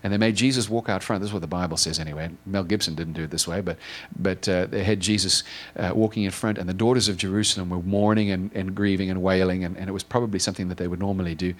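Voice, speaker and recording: A man with a somewhat low voice preaches in a loose, conversational way. He stumbles, restarts and strings clauses together with repeated "and"s, earnest and heartfelt as he retells the story. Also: steady tone. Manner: halting, many repeated ands and restarts; earnest and emotional. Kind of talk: informal sermon retelling a story.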